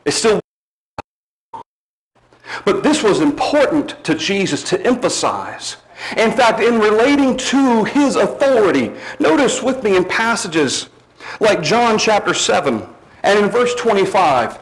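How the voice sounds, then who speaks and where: Guy preaching a sermon, kinda high voice, leans hard on key words. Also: sing-song, poor audio. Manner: emphatic, slows down on key words and drops low at phrase ends.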